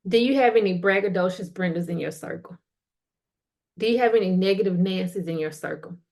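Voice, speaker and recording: A woman's voice: fairly low pitch, a little fast, darkish tone. A middle-aged woman hosting a motivational podcast, talking casually and colloquially while asking the listener direct questions. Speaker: podcast host.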